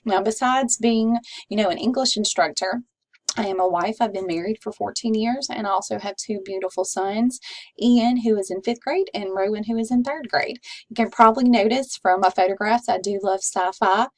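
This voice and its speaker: A woman's voice: mid-range voice, moderate pace. A woman, giving a recorded class introduction as a college English instructor, chatty with frequent ums. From Mississippi, US. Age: 30s.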